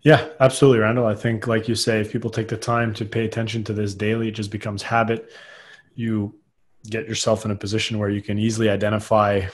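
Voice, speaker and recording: A man's voice: fairly low pitch, little pitch movement, fast talker. A man hosting a casual interview, asking thoughtful questions in loose phrasing full of fillers. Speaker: podcast host.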